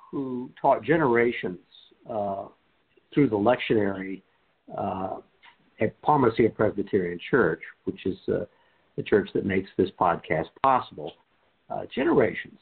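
A man hosting a scripture discussion podcast, reading scripture aloud in a measured, deliberate way and leading the talk. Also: lowish voice, husky. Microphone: video call. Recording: tinny phone-like line.

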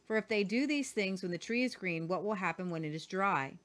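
A woman reads scripture aloud in an earnest, unpolished way. She now and then trips over and repeats a word, and she breaks off for casual remarks of her own. Her pitch sits in the middle range for a woman. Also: animated, a little fast. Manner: earnest, stumbles and repeats words while reading. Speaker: co-host of a Christian show.

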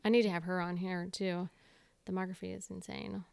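A woman's voice: fairly low pitch, flat delivery, a little fast, gravelly, clear, resonant tone, no echo. A young adult woman hosting a podcast at her home, talking in a bubbly, casual way with many fillers. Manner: bubbly, lots of "like" and "you know". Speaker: podcast host. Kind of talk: casual interview chat.

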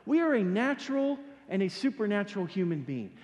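A male pastor preaching a sermon in a casual, animated storytelling way, with slangy asides. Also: high-pitched, brisk. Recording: long hall reverb.

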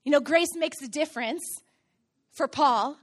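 High-pitched lady pastor preaching, earnest, repeats things for emphasis. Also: unhurried. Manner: earnest, builds to emphatic repetition. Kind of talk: sermon.

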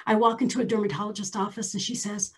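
A woman in her forties telling her own story in an emphatic way, sometimes dropping to a hushed near-whisper for stress. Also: medium pitch, fairly even intonation, fast, husky. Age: 40s. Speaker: storyteller sharing a personal health story. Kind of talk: personal storytelling.

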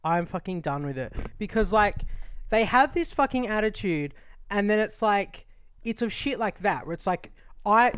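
A woman's voice: lowish voice, lively intonation, normal speed, smooth. An Australian woman co-hosting a podcast, blunt and wry in casual chat, swearing often. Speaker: podcast co-host.

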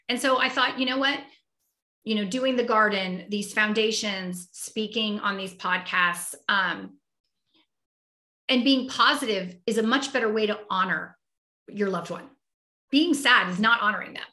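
A woman's voice: medium pitch, measured pace, pushed and bright, roomy sound. A woman guest talking heartfelt and reflective in a conversational interview, often restarting her sentences. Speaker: podcast guest.

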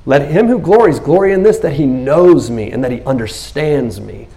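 A man preaching a sermon in an animated, conversational way, often acting out scenes in quoted voices. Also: mid-range voice, moderate pace, creaky. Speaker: pastor.

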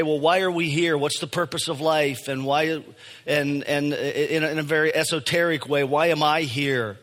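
A man's voice: fairly high pitch, a bit bright. A middle-aged man, the pastor of his church, preaching a sermon in a conversational way, with frequent fillers and restarts. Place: church sanctuary. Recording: long hall reverb in a church.

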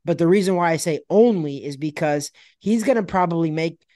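A man's voice: a little high, fairly quick, dark tone, no room sound, clean studio sound. A man hosting a casual podcast, giving blunt opinions with emphatic stress and many stumbling restarts. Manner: emphatic, stumbles and restarts when making a point. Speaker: podcast host and boxing pundit.

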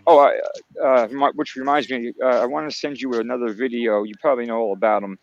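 A man's voice: medium pitch, fairly even intonation, fast talker, creaky. A man calling into a talk show, chatting casually and rambling with many fillers. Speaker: caller. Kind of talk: casual chat. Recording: dull lo-fi call line.

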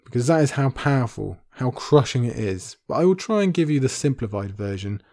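A man's voice: mid-range voice, lively intonation, a little fast, darkish tone. A man hosting a podcast and discussing a book, earnest and impassioned, close to tears. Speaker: podcast host.

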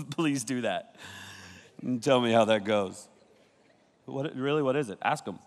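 A man's voice: medium pitch, takes it slowly. A youth pastor giving a joking, playful sermon in a church hall, often laughing and acting out his listeners' reactions. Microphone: filmed by a camera crew.

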